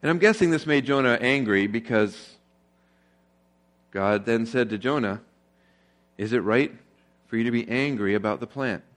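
A male pastor preaches in an easy, conversational style and keeps turning to the congregation with rhetorical questions. His pitch sits in the middle range for a man. When he presses a point, he grows noticeably more emphatic. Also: normal speed, pauses often, fairly bright tone. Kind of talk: sermon.

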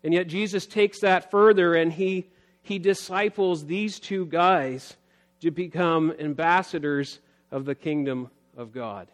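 An earnest man preaches a sermon, his somewhat high voice climbing on key points before sinking low and quiet. He reads scripture aloud in the same steady preaching voice. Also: a little slow. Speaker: pastor.

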